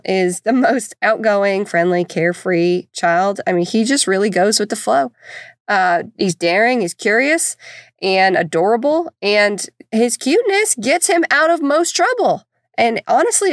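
A podcast host and mother of four tells casual stories about her kids in a medium-pitched voice with no echo. The monologue is chatty and exasperated, laced with self-deprecating humor.

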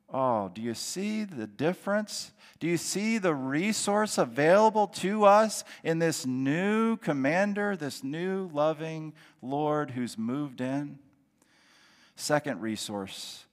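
A male pastor preaches slowly and deliberately, leaning on repeated phrases to drive each point home. His voice sits a little on the high side for a man. It carries a long, spacious reverb, as if the sermon were delivered in a large hall. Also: lively intonation. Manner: deliberate preaching with emphatic repetition.

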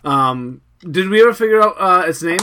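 Bright-voiced man, hesitant player. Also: high-pitched, animated, brisk. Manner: hesitant, many ums and restarts. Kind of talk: casual tabletop play.

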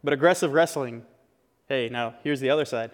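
A man's voice: mid-range voice, a little fast. Earnest male pastor preaching in a reverberant sanctuary. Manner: earnest, conversational preaching with restarts. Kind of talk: sermon. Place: church sanctuary. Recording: long hall reverb.

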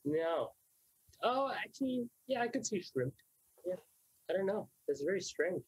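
Husky teasing man, dry sound. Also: high-pitched, very animated, no room sound, rough recording. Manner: teasing, chases punchlines with quick jabs. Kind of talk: improvised comedy banter.

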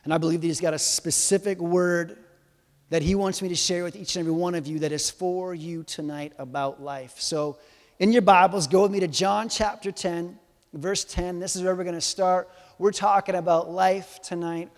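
A man preaching a sermon to a live congregation, animated and swinging from soft to loud, teasing and quizzing his listeners. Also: high voice, moderate pace. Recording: long hall reverb.

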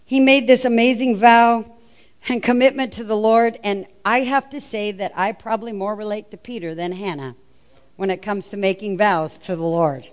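Woman preaching with lively, storytelling energy. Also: fairly high pitch, smooth. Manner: animated storytelling, acting out the quotes. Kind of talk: sermon.

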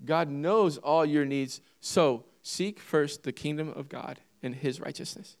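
A man's voice: a little high, unhurried. A male pastor preaching a sermon, reading scripture and driving points home with repetition and questions to the congregation. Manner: emphatic, repeats key phrases and asks the congregation questions.

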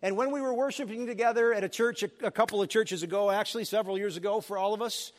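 A man preaching a sermon as pastor of a church, animated and joking with his congregation. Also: high voice, quick pace. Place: church sanctuary. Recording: long hall reverb.

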